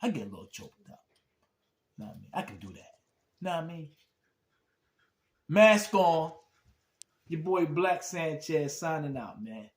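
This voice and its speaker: A man's voice: a little high, very animated, unhurried, pauses often. A man hosting a podcast, talking in a repetitive way and calling listeners "man" as he signs off. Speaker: podcast host. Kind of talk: emotional podcast sign-off. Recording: echoey room.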